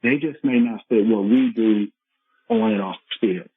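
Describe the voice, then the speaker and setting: A man's voice: fairly low pitch, moderate pace, husky, no room sound. A man speaking as a coach and podcast guest, explaining in an earnest, repetitive way. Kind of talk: conversational podcast interview. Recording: tinny phone-line audio.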